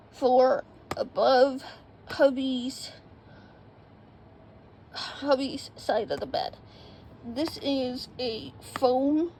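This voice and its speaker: A woman chatting casually to camera in an RV, high and gravelly in tone. She talks slowly and drifts from thought to thought, filling gaps with ums. Faint background noise sits under the camera mic. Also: a little mellow, low-quality recording. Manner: rambling, lots of ums and trailing thoughts. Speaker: vlogger. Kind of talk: casual vlog chat. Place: indoors in an RV.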